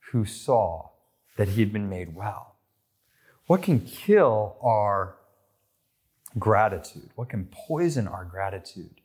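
An American man in his thirties preaching a sermon, telling stories and lifting his voice for quoted lines and excited passages. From United States. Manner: storytelling, rises in pitch for quoted voices and excitement. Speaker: pastor.

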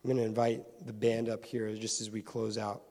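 In a church hall, a pastor preaches an earnest, emphatic sermon to his congregation, repeating phrases for weight. His voice is on the low side and dark, with a completely flat delivery at a moderate pace, and the recording carries hall reverb.

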